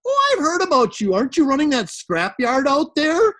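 A man voicing a nosy small-town female bank clerk in a high, chirpy way. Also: huge pitch swings, moderate pace, fairly bright tone, heavily acted.

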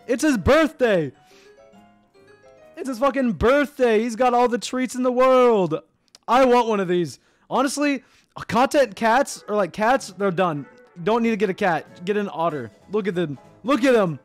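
Young male streamer, high and very lively voice, excitable casual commentary, faint music underneath. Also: a little slow, long pauses. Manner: excitable, animated, swings between loud squeals and mumbles.

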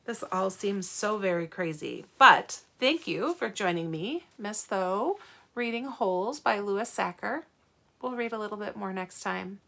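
A woman, a teacher, reading a novel aloud to her students in a calm, steady storytelling manner. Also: medium pitch, a little slow, gravelly. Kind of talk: read-aloud storybook narration.

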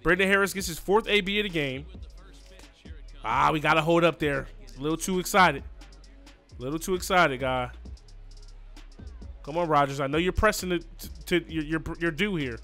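A man with a high, bright, forceful voice narrates his video game like a sportscaster, hyping up his players as plays unfold. Soft music runs under his talk. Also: moderate pace, long pauses. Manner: excitable, cheers on his players, says "you know what I mean". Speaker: gaming YouTuber. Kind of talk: live play-by-play gameplay commentary.

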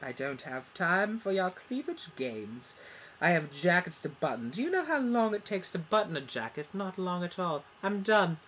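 A woman's voice: lowish voice, sing-song, moderate pace, fairly bright tone, slight background noise. A woman playing a pompous, melodramatic soap opera character in an overblown, mock-dramatic parody.

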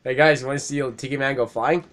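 Fast-talking with a mid-range voice, a young man riffs through let's play commentary. Excitable and foul-mouthed, he laughs often and reacts hotly to the game.

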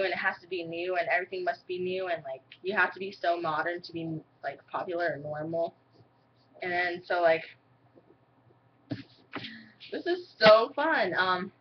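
A teenage girl vlogging casually to camera, rambling with lots of fillers and excitable asides. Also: lowish voice. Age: teens. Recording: dull lo-fi webcam audio with faint noise.

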